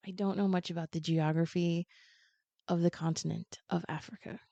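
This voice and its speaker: Woman, podcast guest, casual retelling, animated, acts out characters' lines, dry dull audio. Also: lowish voice, moderate pace, vocal fry, no echo. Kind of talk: casual chat retelling a picture book.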